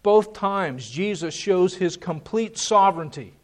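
Guy preaching, slightly high voice, hammers the same words over and over. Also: animated, unhurried. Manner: emphatic, repeats key words for stress. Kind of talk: sermon.

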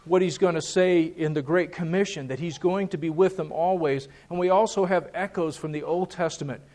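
A man's voice: a little high, fairly quick, a little mellow. A man preaching a sermon, emphatic and repeating key words for stress.

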